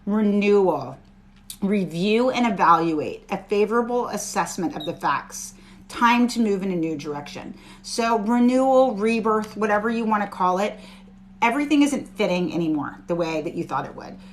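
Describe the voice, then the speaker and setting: A woman's voice: mid-range voice, expressive, normal speed, a little hiss or hum. A woman giving a live-stream tarot reading, reassuring and chatty with her viewers. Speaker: tarot reader.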